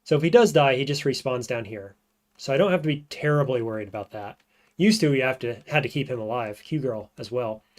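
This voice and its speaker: Here's a man in a mid-range voice commentating on a roguelike he's streaming, musing aloud in an easygoing way and often tapering off under his breath.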